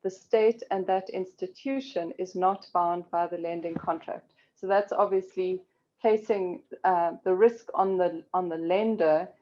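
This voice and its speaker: A woman presenting a legal webinar, explaining carefully in a measured way with frequent pauses and "um"s. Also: lowish voice, fairly even intonation, lo-fi sound. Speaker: corporate law expert presenting.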